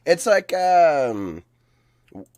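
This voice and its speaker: A man's voice: a little high, very animated, drawn-out words, a little mellow, no echo. A man co-hosting a podcast, laid-back, with dry teasing replies. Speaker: podcast co-host. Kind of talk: casual chat.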